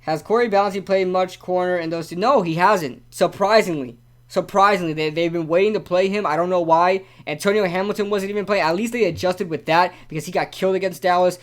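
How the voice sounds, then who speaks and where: A man's voice: high-pitched, steady tone, fairly quick. A young man hosting a casual live-stream sports talk show, rambling and ranting animatedly with lots of repeats.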